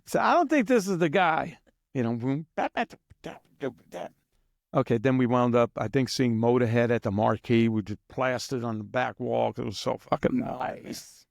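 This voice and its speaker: A man with a gravelly, fry-laden voice tells story after story as an interview guest, rambling and chuckling and now and then imitating drum beats. The recording is dry and close, with no room sound. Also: medium pitch, lively intonation, normal speed, no room sound. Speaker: guest drummer. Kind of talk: casual anecdotal storytelling.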